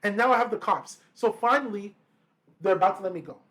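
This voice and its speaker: A man with a high-pitched voice co-hosts a casual podcast. He tells stories in an animated way, full of slang and swearing. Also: fast talker. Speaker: podcast co-host. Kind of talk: casual chat.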